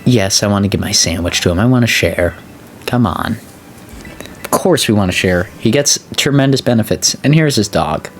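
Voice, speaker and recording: A man hosting a let's play, chatting casually and excitably as he plays. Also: normal speed, a little hiss or hum. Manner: chatty, excitable, voice jumps high when excited. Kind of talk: casual gameplay commentary.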